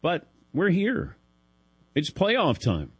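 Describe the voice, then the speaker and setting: A middle-aged man hosting a sports talk show, telling a self-deprecating story in a casual, animated way into a studio mic. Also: a little high, drawn-out words, slightly rough, dry recording. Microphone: studio broadcast mic.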